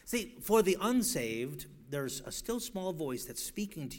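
A male preacher giving an evangelistic sermon in a church, shouting one moment and pleading softly the next, often repeating himself. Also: fairly high pitch, very animated, unhurried, few pauses. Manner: swings from shouting to hushed, pleading; repeats words and restarts. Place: church sanctuary.

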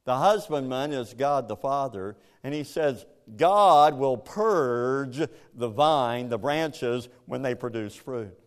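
A man preaching a sermon to a congregation, animated, jumping into loud, high acted-out voices. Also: slow pace, few pauses, clean tone. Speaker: pastor.

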